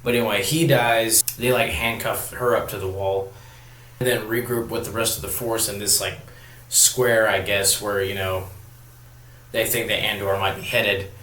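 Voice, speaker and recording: A man's voice: fairly low pitch, steady tone, normal speed, a bit bright. A man giving a casual, rambling spoken review of a TV show, filling his talk with "like" and "you know". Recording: roomy echo.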